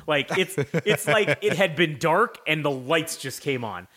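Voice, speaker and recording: A man's voice: fairly high pitch, a little slow. A young man hosting a podcast, telling a long story in a casual, profane way and acting out voices as he goes. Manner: animated, profane, acts out voices in his story. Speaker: podcast host.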